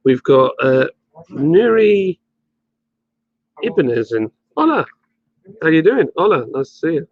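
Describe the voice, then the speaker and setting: A man's voice: a little high, big pitch swings, a little slow, long pauses, no room sound, phone-quality sound. A man hosting a casual live stream from a bottle shop, rambling and chatty as he greets viewers and reads comments.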